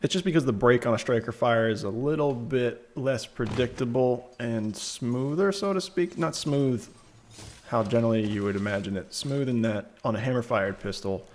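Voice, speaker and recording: A man's voice: mid-range voice, moderate pace, darkish tone, a little hiss or hum. A man streaming a game, chatting casually and rambling through asides and self-corrections into a desk microphone. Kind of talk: casual live-stream chat. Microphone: desk microphone on a shock mount.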